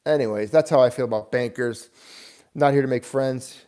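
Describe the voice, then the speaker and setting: A man's voice: medium pitch, moderate pace, dark tone, clear, resonant tone. Rambling defiant male livestream host. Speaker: channel host. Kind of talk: casual livestream chat.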